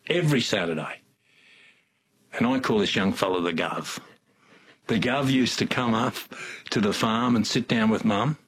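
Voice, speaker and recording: A man's voice: fairly low pitch, normal speed, long pauses, a bit bright, a little hiss or hum. An older man with an Australian accent, telling rambling, folksy stories as an interview guest. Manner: rambling, folksy, with many restarts. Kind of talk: casual storytelling.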